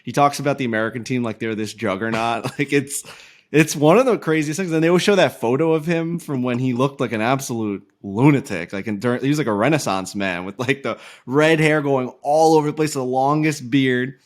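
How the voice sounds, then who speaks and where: A man's voice: mid-range voice, fairly quick. Rambling male podcast co-host. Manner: animated, rambling with many likes. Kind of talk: casual chat.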